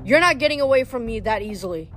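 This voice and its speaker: A woman voicing a sharp, teasing teenage girl in a storybook reading. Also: on the high side, expressive, fast talker, faint music behind.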